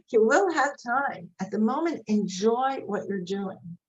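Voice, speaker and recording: A woman's voice: fairly high pitch, animated, takes it slowly, dull audio, slight background noise. An older woman giving an informal Torah class, telling stories, quoting conversations and mixing in Hebrew terms. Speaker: Torah lecturer.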